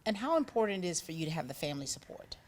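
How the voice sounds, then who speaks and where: A woman's voice: fairly low pitch, sing-song, rapid-fire, slight background noise. Woman, TV interviewer, chatty, affectionate, laughs often, friendly interview chat.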